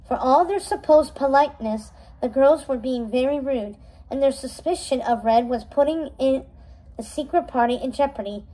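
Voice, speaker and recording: A woman reading a novel chapter aloud in a steady storytelling manner, with small slips and restarts. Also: high voice, moderate pace, low-quality recording. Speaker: read-aloud narrator.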